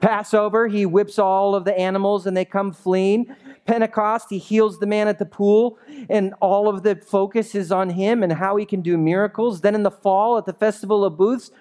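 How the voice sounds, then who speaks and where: A man's voice: high voice, a little mellow, smooth. A man preaching a sermon as a pastor in a church, speaking conversationally and animatedly and often checking in with the congregation.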